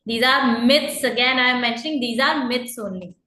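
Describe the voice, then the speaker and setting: A woman with a high, bright voice teaches an exam-prep lesson in an echoey room. She explains patiently, fills pauses with "uh" and "you know", and keeps repeating her main points. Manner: patient and explanatory, many fillers and repeated reminders. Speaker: IELTS teacher. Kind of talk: online lesson, explaining to students.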